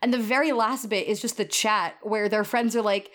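A woman co-hosting a podcast in casual chat, animated and acting out the quotes she retells. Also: mid-range voice, normal speed. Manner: animated, acts out quoted lines. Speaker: podcast co-host.

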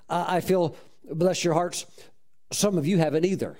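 A male pastor telling stories in a sermon, animated and exclaiming praise often. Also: on the high side, normal speed. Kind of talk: sermon storytelling.

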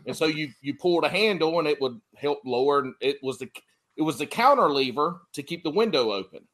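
A podcast host talks in relaxed chat, full of laughter and casual swearing. His voice sits a bit higher than most men's. It swoops up and down with real liveliness. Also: a little fast. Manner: animated, laughs a lot, swears freely.

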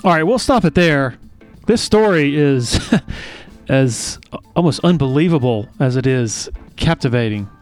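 Male podcast host signing off, quick wrap-up, mid pitch, a little guitar music underneath. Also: expressive. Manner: brisk, wraps up the show and thanks the listeners. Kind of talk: closing remarks.

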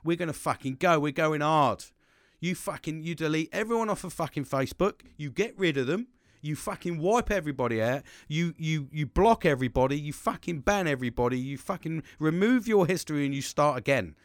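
A man's voice: fairly high pitch, expressive, a little fast, dry recording, clean studio sound, pitched above the performer's own voice. A man voicing his own reckless, hyped-up inner voice, brash and swearing as it eggs him on.

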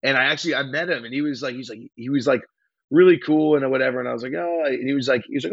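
Rambling, gravelly young man, lo-fi. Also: mid-range voice, rapid-fire, no room sound. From California. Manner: rambling, slangy, excitable storytelling. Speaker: hardcore band vocalist, podcast guest. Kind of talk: casual interview chat.

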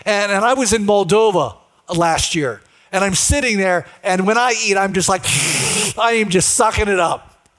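A man's voice: high-pitched, lively intonation, normal speed, a bit bright. A male pastor preaching a sermon in a conversational way, often putting questions to the congregation.

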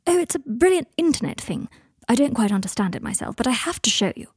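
A woman's voice: fairly high pitch, big pitch swings, quick pace, slightly rough, no echo, studio quality, voice pushed up, exaggerated voice. A woman reading the part of an eager, enthusiastic young man in an audiobook fan-fiction reading.

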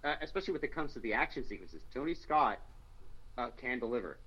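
A man with a bright, forceful tone talks easily about films. He speaks at a middling pitch and agrees often. His talk is full of casual fillers. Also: quick pace, husky, muffled recording. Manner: relaxed, agreeable, filler-heavy. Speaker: podcast co-host. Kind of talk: casual chat about movies.

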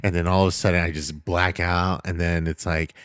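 A man's voice: sits low, flat delivery, a little fast, fairly bright tone, clear, resonant tone, no room sound, clean studio sound. A young adult man in casual chat who jokes, rambles and swears freely.

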